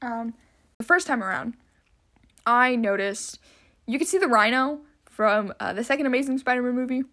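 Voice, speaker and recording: A woman's voice: fairly high pitch, moderate pace, a bit bright. A young woman hosting a casual solo podcast, rambling and chatty with lots of filler words. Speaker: podcast host.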